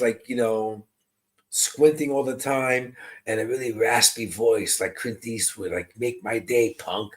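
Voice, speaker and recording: A man working as a psychic medium, giving a live online reading, describing impressions slowly and answering viewers' comments. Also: medium pitch.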